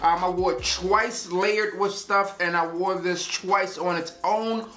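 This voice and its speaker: A man's voice: high-pitched, steady tone, a little slow, fairly bright tone. Joking man in a roomy room. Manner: joking, rambling storyteller. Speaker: fragrance reviewer. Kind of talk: casual review vlog. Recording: roomy echo.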